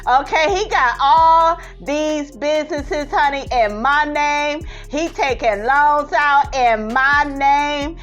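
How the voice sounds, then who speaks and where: A woman's voice: high-pitched, takes it slowly, few pauses, a bit bright, soft background music, voice pushed up. A woman voicing a lovestruck wife who insists her man loves her, in a doting, insistent way. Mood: doting, defensive.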